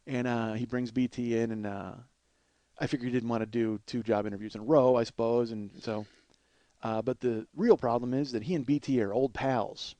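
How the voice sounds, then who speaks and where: A man's voice: mid-range voice, fairly even intonation, normal speed, dark tone, no room sound. A man in the middle of his range tells a long comedy story, swearing freely and stopping to restart his sentences. He now and then slips into voices of the people he describes. The sound is close and dry, with no room around it. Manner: profane, rambling anecdote with restarts; mimics other people's voices. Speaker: comedian podcast host. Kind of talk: storytelling monologue.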